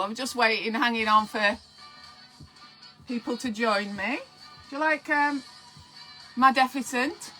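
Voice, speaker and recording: Woman, live-stream host, giddy chatty manner, higher voice, bright tone. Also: rough recording. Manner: giddy and chatty, fussing over her pets. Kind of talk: casual live-stream chat to viewers. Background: faint Halloween music.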